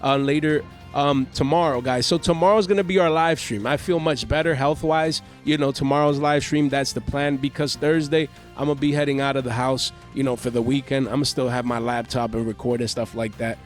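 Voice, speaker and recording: A man hosting a trading-card market channel, talking in excitable, slangy hype and repeating his catchphrases. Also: medium pitch, fairly quick, few pauses, soft background music. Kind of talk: hyped market commentary. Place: home.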